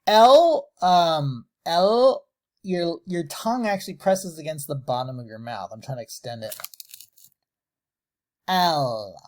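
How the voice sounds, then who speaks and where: A man teaching animation lip sync, slowly and deliberately sounding out letters and words with exaggerated mouth shapes. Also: on the high side, a little mellow. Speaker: animation tutor. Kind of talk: tutorial, demonstrating mouth shapes on camera.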